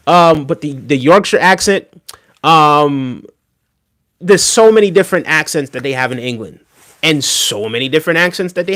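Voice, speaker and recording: A man hosts a live stream in a fairly high-pitched, fairly bright voice, chatting casually with viewers. He reads their comments and goes on heated rants packed with fillers.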